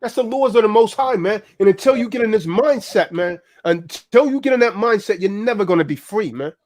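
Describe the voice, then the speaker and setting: A man's voice: sits high, lively intonation, a little fast, a little mellow. A man delivering a heated, profane political rant in a preaching manner, tagging "man" onto his lines.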